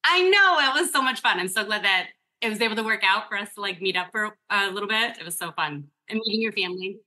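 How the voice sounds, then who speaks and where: A woman guesting on a podcast in casual chat, chatty and expressive, quick to vent. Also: mid-range voice.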